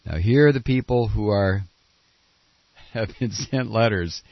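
A man hosting a political talk radio show, sarcastic, and now and then breaking into shouted tirades. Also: lowish voice, slow, pauses often, no echo. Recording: dull lo-fi radio broadcast.

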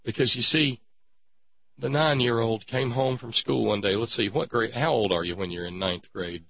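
Folksy, gravelly, sarcastic male host. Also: mid-range voice, normal speed, dry recording, dull audio. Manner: folksy, sarcastic preacher drawl. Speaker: satirical talk show host. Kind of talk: mock-preacher satirical monologue.

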